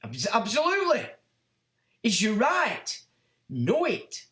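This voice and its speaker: A man's voice: sits high, slow, roomy sound. A middle-aged man hosts a casual livestream and answers chat comments bluntly, sometimes mocking complainers in put-on voices. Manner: blunt, animated, mocks whiners in put-on voices.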